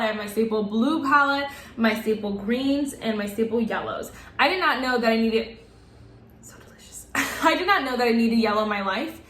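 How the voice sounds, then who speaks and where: A young woman reviewing makeup in a casual vlog, gushing and excitable as she chats to her viewers. Her voice sits fairly high. The room around her rings with echo. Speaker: beauty vlogger. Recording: echoey room.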